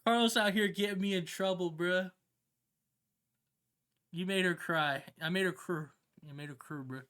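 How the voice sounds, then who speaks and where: A streamer chatting casually with viewers on a live stream, slangy and excitable, swearing often and laughing a lot. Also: medium pitch, normal speed, smooth. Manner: slangy, swears a lot, keeps saying "bro". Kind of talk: casual livestream chat with viewers.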